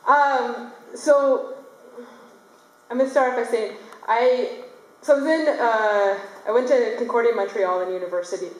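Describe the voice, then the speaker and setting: A woman's voice: a little high, unhurried. A young woman animator talking onstage at a theater, rambling and chatty with lots of fillers. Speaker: animator presenting her work. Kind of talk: casual onstage talk. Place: theater stage. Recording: echoey theater room.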